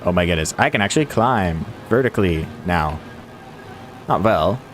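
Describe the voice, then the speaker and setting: A man's voice: deep voice, animated, fairly quick, slight background noise. A man streaming a building game, chatting casually to his viewers and to himself as he plays, laughing often. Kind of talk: casual live-stream commentary. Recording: faint music behind.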